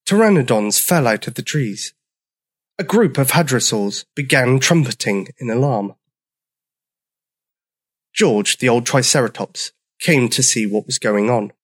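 A man narrating a children's story in a slow, gentle, expressive reading. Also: medium pitch.

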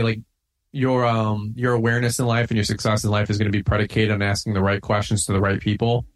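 A middle-aged man, a guest on a podcast, talking in an intense, fired-up way, with lots of "like" and "man". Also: lowish voice. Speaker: podcast guest, lawn care business owner. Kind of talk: casual podcast conversation.

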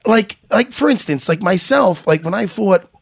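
A man hosting a podcast as a former fighter, in casual chat that is loud, profane and teasing. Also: high voice, animated, moderate pace, vocal fry, breathy edge, no echo, clean studio sound.

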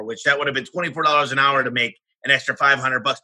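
A man who owns a home services business, talking in a lively podcast conversation and acting out the exchanges he has with other owners. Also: mid-range voice, fast, few pauses, low-quality recording. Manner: animated, acts out his own conversations in quoted voices.

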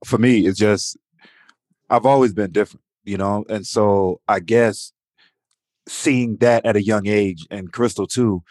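A man's voice: on the low side, steady tone, a little slow, darkish tone, no room sound, studio quality. A man in his thirties from Atlanta, talking reflectively as a guest and often adding "you know". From Atlanta, USA. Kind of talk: casual conversation.

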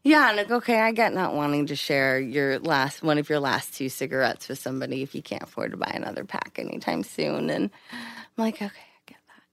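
A woman casually telling a personal story in an interview, acting out quoted lines with big jumps in pitch. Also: animated, a little fast, creaky, few pauses, a bit bright, no echo. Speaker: interview guest.

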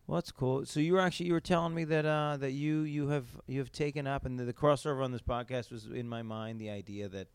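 A man hosting a podcast interview in a casual, halting way, often repeating words as he works out his questions. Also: medium pitch, clean tone, no echo. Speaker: podcast host.

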